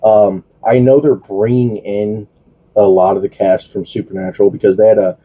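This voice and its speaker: A man chatting loosely on a podcast, piling on fillers and swear words as he rambles. His voice is husky and very dark in tone, sitting a little low. The talk is unscripted and easygoing. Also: steady tone, moderate pace. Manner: rambling, swears a lot, many fillers and restarts. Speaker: podcast co-host. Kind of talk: casual chat.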